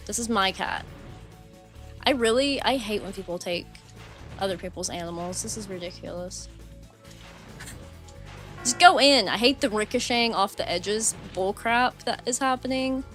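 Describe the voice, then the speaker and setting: A young woman streaming live gameplay, chatting along and breaking into loud frustrated outbursts at the game. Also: mid-range voice, moderate pace, faint music behind.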